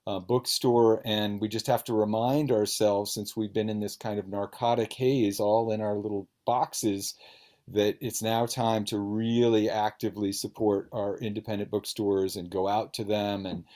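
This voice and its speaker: A man with a low, warm voice interviews a fellow author. He speaks earnestly and with emphasis, talking at length. It sounds like a conversation held over a video call. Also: little pitch movement, moderate pace. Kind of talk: book event conversation.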